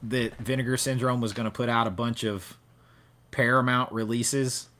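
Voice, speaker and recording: Bright-voiced man hosting a casual livestream. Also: medium pitch, steady tone, moderate pace. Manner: chatty, reads blurbs aloud in a mock news-anchor voice. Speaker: host.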